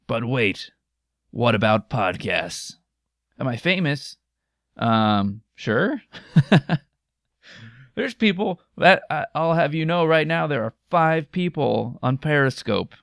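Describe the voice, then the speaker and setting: Young American man, podcast host, wry self-deprecating humor, gravelly voice, dry close mic. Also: mid-range voice, a bit bright, no echo. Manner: self-mocking, joking, laughs often. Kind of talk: casual solo podcast chat. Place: home room with microphones. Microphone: studio microphone.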